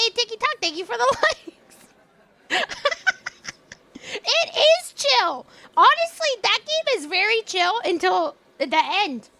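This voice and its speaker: High-voiced, animated woman streamer. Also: normal speed. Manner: chatty, animated, laughs often, swears freely. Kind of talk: casual chat while streaming a game.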